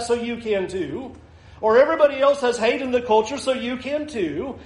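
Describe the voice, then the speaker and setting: A man's voice: very high-pitched, reverberant, rough recording. A male pastor preaching a sermon, earnest and building to emphatic challenges.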